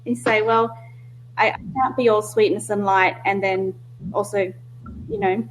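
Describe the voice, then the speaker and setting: A woman's voice: mid-range voice, steady tone, a little slow, rough recording. Brief: woman, casual discussion, frank and self-interrupting, faint hum. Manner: candid, self-interrupting, laughs easily. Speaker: discussion participant.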